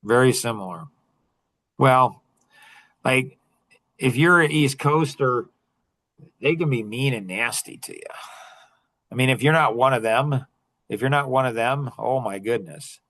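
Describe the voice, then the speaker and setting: A man's voice: medium pitch, fairly bright tone, no room sound, poor audio. A middle-aged man hosting a talk, telling a story to a group and driving his points home by repeating them. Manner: emphatic, repeats key phrases. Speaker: host.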